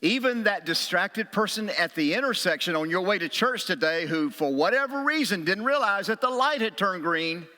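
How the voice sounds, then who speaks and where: A middle-aged pastor delivers a sermon, his bright, forceful voice carrying a long hall reverb. He preaches through stories and acts out quotes, sometimes raised, sometimes whispered. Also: sits high, lively intonation, moderate pace, hardly any pauses. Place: church sanctuary.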